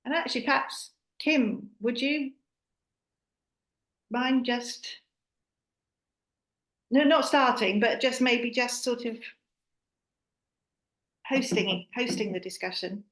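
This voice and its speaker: A woman leading a community group video call, speaking gently and hesitantly and correcting herself as she goes. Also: fairly high pitch, slow, long pauses, echoey room. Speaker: group facilitator.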